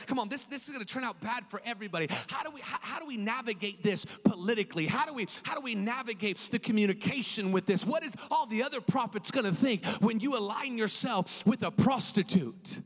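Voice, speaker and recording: A man preaching a sermon in a church, fervent, rising to shouted, sing-song cadences. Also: high-pitched, lively intonation, fast, hardly any pauses. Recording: long reverb of a large hall.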